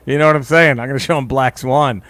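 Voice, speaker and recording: A man's voice: medium pitch, quick pace, a bit bright. A man co-hosting a podcast in casual banter, profane and joking, laughing often and restarting his sentences as he rambles. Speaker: podcast co-host.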